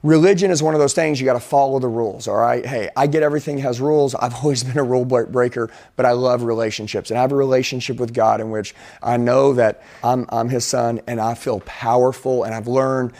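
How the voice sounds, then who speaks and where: A man's voice: mid-range voice, fairly even intonation, a little fast, hardly any pauses, darkish tone. A middle-aged man giving an intense, emphatic motivational talk as a sales and life coach. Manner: intense, emphatic preaching delivery.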